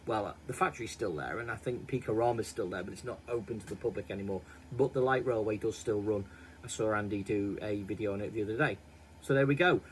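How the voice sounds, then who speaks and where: A man's voice: mid-range voice, slight background noise, low-quality recording. Chatty man rambling through history. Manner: rambling, self-mocking, chatty asides. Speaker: history channel host. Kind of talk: casual daily history chat.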